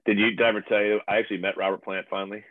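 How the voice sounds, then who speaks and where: A deep-voiced man in a loose, casual chat, spinning long stories with easy laughter and plenty of swearing. His voice comes through a thin, phone-like channel with a dry, close sound and no room echo. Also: level tone, rapid-fire. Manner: laid-back, swears freely, laughs often. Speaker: musician and bartender.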